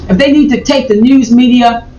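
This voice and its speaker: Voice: medium pitch, brisk, mellow, highs cut off, faint music behind. A video commentator reacting to a clip, talking in a rambling, emphatic way and repeating phrases. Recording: roomy, distant mic, faint noise.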